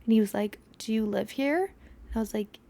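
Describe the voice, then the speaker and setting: Chatty young woman with vocal fry. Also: fairly high pitch, fairly quick, warm tone. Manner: chatty, swears freely, drops to a whisper when acting out scenes. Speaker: podcast host. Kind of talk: casual storytelling chat.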